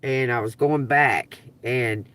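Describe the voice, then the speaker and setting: Her voice is extremely low, slow, clear and resonant: a middle-aged Georgia woman reading tarot on a live stream. She spins a rambling, profanity-laced tale with animated energy, laughing throughout, recorded dry and far from the microphone.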